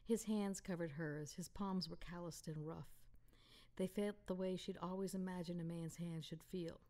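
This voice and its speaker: A woman author reading aloud from her romance novel in a calm, intimate manner. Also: lowish voice, moderate pace. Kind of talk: audiobook narration.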